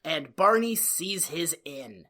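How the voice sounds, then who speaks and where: An exasperated male podcast co-host who rants and swears in casual chat. His pitch leaps upward as he gets worked up, then drops back to an everyday tone. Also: lively intonation, slow, sharp tone.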